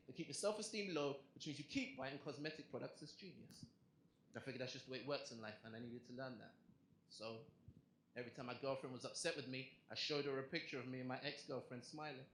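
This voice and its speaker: A young English man does stand-up in a comedy club, talking to the live crowd in a punchy, conversational style. His medium-pitched voice is quick and a little bright, with slight background noise, the room echoey and full of audience laughter.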